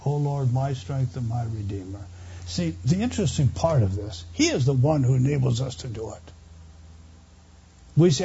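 An older man, a longtime pastor, preaching a sermon earnestly, rising loud on key phrases and dropping quiet again. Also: medium pitch, lively intonation, moderate pace, breathy edge, dull audio.

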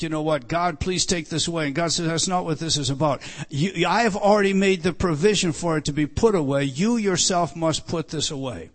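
A man preaching an earnest sermon, often repeating words and slowing down for emphasis. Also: fairly high pitch. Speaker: pastor.

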